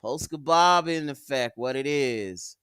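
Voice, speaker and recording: A man's voice: mid-range voice, lively intonation, a little slow. A man hosting a livestream and reading chat aloud, rambling and profane with a mock-tough edge.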